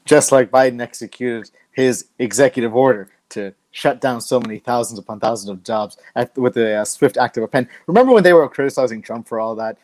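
A man's voice: medium pitch, a little fast, few pauses, a little mellow, no echo. A man hosting a political talk show, talking conversationally and wryly, with frequent fillers. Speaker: host.

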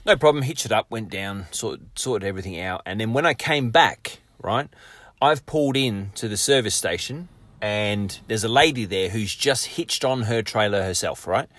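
A man's voice: fairly low pitch, animated, moderate pace, fairly bright tone, dry recording. A man, co-hosting a casual chat and telling stories with swearing and frequent laughs. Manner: swearing, storytelling, laughs often.

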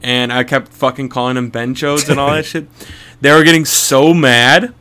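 A man's voice: mid-range voice, fairly even intonation, moderate pace, sharp tone, clean tone. A young man co-hosting a casual podcast, rambling through stories, swearing freely and laughing often. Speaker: podcast co-host.

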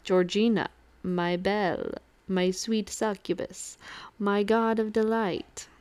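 Woman reader as smug male vampire, slow sneering croon, smooth tone. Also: mid-range voice, flat delivery, a little mellow, close to an everyday voice. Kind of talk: audiobook reading.

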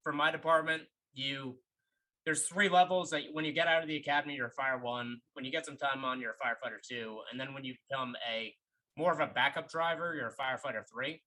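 A man's voice: mid-range voice, steady tone, fast talker, pushed and bright, rough recording. A firefighter explaining his department's ranks in casual chat, with a wry edge.

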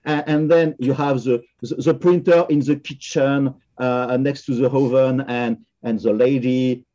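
A man's voice: mid-range voice, steady tone, unhurried, dark tone, muffled recording. A man with a French accent talking casually as a podcast guest, often hesitating with fillers and restarts. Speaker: software company founder, podcast guest.

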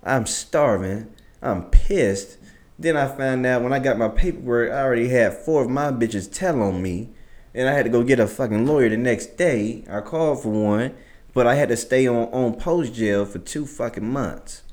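A man guest in an interview, telling a story in casual, profane speech and acting out the things people said to him. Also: moderate pace. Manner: profane, swears constantly; acts out quoted exchanges, jumping higher and louder.

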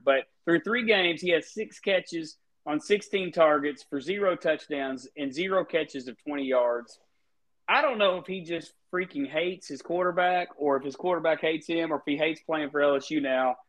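A man co-hosting a sports talk show, playful and joking as he makes his picks. His voice sits a little higher than most men's. He talks in a loose, casual way. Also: normal speed, a bit bright. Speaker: podcast co-host.

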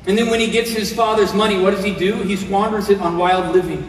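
A man's voice: sits high, fairly even intonation, fast talker, hardly any pauses, a little hiss or hum. A man preaching a sermon, reading scripture aloud and then explaining it earnestly. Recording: echoey hall, voice from some distance.

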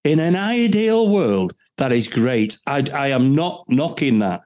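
A man in heated political chat, animated and mocking, acting out little scenes. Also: medium pitch, unhurried. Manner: animated, mocking, acts out scenes in put-on voices.

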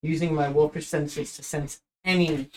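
A player in a tabletop game, talking quickly and eagerly with a joking edge. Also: mid-range voice, fairly even intonation, darkish tone. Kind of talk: casual tabletop game play.

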